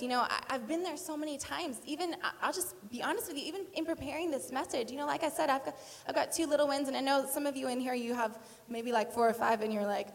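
A woman's voice: sits high, steady tone, fast talker. Chatty woman preaching in a hall. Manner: chatty, self-deprecating, laughing storyteller. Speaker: speaker at church. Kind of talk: sermon with personal story. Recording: hall reverb.

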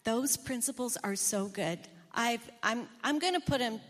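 A woman's voice: on the high side, unhurried, fairly bright tone, big-room sound. A woman playing an eager grown son who gushes over a gift and spends it carelessly. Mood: breezy. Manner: gushing, eager exclamations. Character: excited young grown son, careless with money.

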